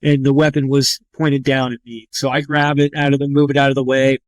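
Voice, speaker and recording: A man's voice: mid-range voice, little pitch movement, a little fast, no echo. A man, a trauma surgeon and podcast guest, telling his story in a blunt, profane and casual way with frequent restarts.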